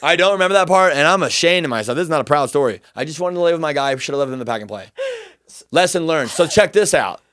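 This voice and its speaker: Young man, casual storyteller, profane and self-mocking, smooth voice, dry close mic. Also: fairly high pitch, lively intonation, quick pace, fairly bright tone, no room sound.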